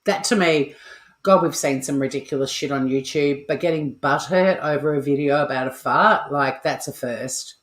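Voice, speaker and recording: A chatty Australian woman with a low voice talks loosely to her viewers in a kitchen livestream, swearing casually and joking along. The sound is roomy, with echo off the kitchen walls through a modest home mic. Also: normal speed. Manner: chatty, swears freely, playful asides to viewers. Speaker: cooking livestream host.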